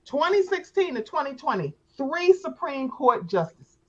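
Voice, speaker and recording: A woman's voice: high voice, very animated, moderate pace, highs cut off. A woman in her forties, a guest on a casual talk show, sassy and profane. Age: 40s.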